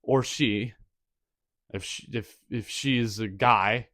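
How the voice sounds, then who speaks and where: A man's voice: fairly low pitch, steady tone, slow, pushed and bright, dry recording. A young man hosting a record review, animatedly retelling a story in a rambling, laughing way. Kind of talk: casual review monologue.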